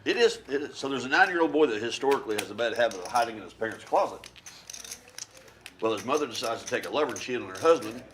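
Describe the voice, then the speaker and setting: A man at a poker table telling a long joke, switching quickly between the characters' voices. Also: mid-range voice, slight background noise. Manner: animated storyteller, doing quick voices in a joke. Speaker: poker player. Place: poker room livestream.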